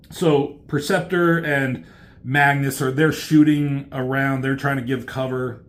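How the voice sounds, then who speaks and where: A man talks through a comic book in a loose, rambling way as a reviewer. He swears freely and keeps his voice at a middle pitch. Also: steady tone, unhurried. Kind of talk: casual retelling of a comic.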